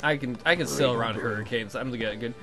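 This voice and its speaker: A man's voice: medium pitch, fast talker, soft background music. A man giving casual, profane, sarcastic commentary while playing a video game. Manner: swears a lot, excitable, sarcastic. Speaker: let's play gamer.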